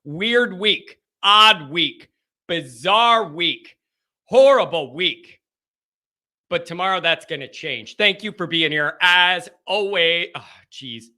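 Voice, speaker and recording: Excitable high-voiced male sports host. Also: slow. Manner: excitable, emphatic, repeats himself. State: voice recovering from strain. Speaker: sports fan show host. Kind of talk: casual livestream chat to fans.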